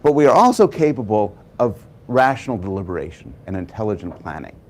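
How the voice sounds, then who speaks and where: A man gives a prepared public talk with a lively, widely swinging pitch. He tells stories with dramatic pauses and builds each point toward a conclusion. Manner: animated storytelling with dramatic pauses. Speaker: public speaker.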